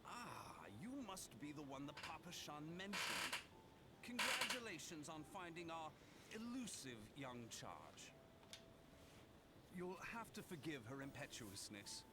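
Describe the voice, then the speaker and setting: A man's voice: on the high side, big pitch swings, measured pace, very noisy. An actor playing a courteous male guard who speaks formally and protectively, in a video game. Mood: earnest. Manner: formal, old-fashioned speech. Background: game music.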